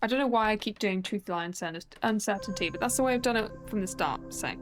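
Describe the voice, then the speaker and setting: A woman's voice: mid-range voice, quick pace, music in the background. A woman commentating casually on a detective game, thinking aloud and reacting as she plays. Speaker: let's play streamer.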